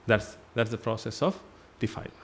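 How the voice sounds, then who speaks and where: A man with a fairly low voice talks a bit fast over a faint hiss or hum, giving a Buddhist sermon in a temple hall. His teaching relies on repetition and rhetorical questions, and he drops his voice on "ladies and gentlemen."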